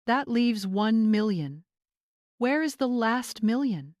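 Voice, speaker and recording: A woman's voice: a little high, lively intonation, takes it slowly, a little mellow, no room sound, clean studio sound, pitched above the performer's own voice. A woman voicing a tense, scheming adult daughter in a storybook reading. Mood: urgent.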